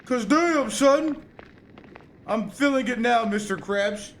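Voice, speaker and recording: A young adult man commentating live gameplay, reacting aloud to chat and the game in an animated, slangy way. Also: extremely high pitch, slow pace, slight background noise. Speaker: streamer.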